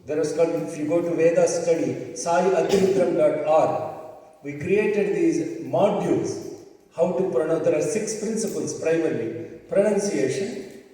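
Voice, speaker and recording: A man's voice: fairly high pitch, moderate pace, warm tone. A man teaching chanting to a class, patiently explaining and counting syllables aloud. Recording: distant mic in an echoey hall.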